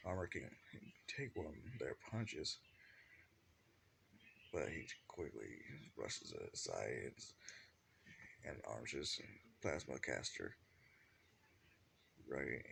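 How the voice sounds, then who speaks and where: A man's voice: extremely low pitch, creaky, fairly bright tone, a little hiss or hum. A man telling an improvised fan-fiction story in a rambling way, with many restarts.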